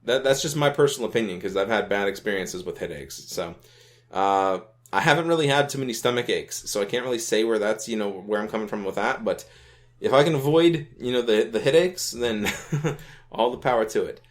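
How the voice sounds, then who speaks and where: A man's voice: lowish voice, animated, brisk. A young man casually commenting on a browser game, rambling and laid-back, often tacking on filler phrases and swearing offhandedly. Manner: rambling and laid-back, keeps adding "you know what I mean", swears casually. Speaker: gaming video host.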